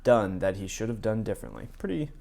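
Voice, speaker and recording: Male commentary host, lowish voice, sardonic, reads news aloud with casual asides. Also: lively intonation, quick pace, vocal fry, darkish tone. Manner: sardonic, reads quotes in his own plain voice; frequent fillers and restarts, asides.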